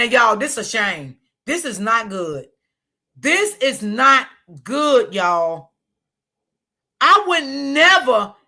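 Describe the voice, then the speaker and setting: A woman's voice: on the high side, pushed and bright. A woman commentating on a live stream, blunt and profane, speaking straight to her viewers. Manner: blunt, profane, emphatic, talks straight to the audience. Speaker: online commentator.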